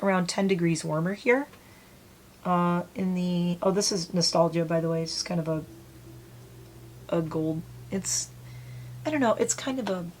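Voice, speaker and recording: Chatty woman doing makeup, lowish voice. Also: a little hiss or hum. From United States. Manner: chatty, rambling, self-deprecating. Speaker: beauty vlogger. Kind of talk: casual get-ready-with-me chat.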